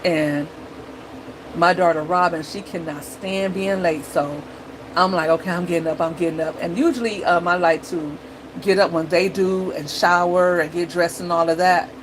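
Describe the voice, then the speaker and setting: A woman's voice: on the low side, steady tone, a little slow, background noise. A middle-aged woman talking casually to her viewers as a mom vlogger, chatty and blunt, acting out her kids and herself.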